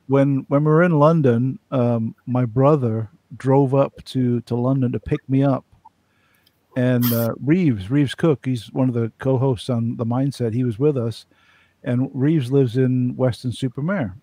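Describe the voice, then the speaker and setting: A man's voice: medium pitch, fairly even intonation, unhurried, dark tone, no room sound. A man from Wales with an accent gone mostly American, chatting and telling stories with lots of restarts as a podcast co-host. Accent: Welsh-born, Americanized. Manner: rambling storyteller, frequent restarts. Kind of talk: casual chat.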